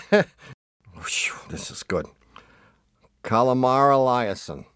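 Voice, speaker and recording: A man's voice: medium pitch, lively intonation, drawn-out words, fairly bright tone, clean tone, dry recording. A man with a Boston accent co-hosting a radio call-in show, joking, teasing and laughing a lot. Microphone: studio mic.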